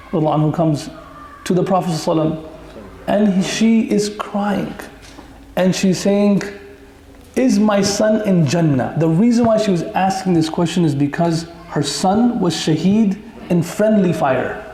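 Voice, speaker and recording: A man's voice: sits high, normal speed, dark tone, a little hiss or hum. A male Islamic teacher giving a conversational Quran lesson full of stories and jokes for the audience. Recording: echoey room.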